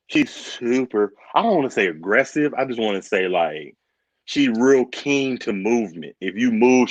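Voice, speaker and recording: Man, excitable live-stream chat, lively swooping pitch, dry muffled lo-fi sound. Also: no room sound. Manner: animated, excitable, calls people brother. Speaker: co-host of a live reptile stream. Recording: dull, dry lo-fi stream audio.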